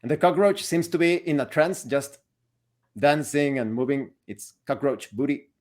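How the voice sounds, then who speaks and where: A man running a tabletop game as game master, narrating scenes in a steady, descriptive flow. His voice sits somewhat high for a man. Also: normal speed.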